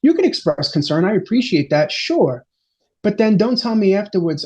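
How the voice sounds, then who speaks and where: A man being interviewed, telling family stories in an animated, exasperated way with frequent restarts. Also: sits high, moderate pace. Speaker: interview guest. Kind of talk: casual storytelling interview. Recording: dull lo-fi audio.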